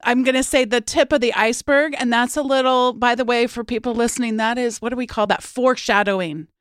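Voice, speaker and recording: A woman's voice: a little high, fairly even intonation, a little fast, smooth, no echo. Woman podcast host, friendly and playful, dry recording. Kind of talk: interview questions.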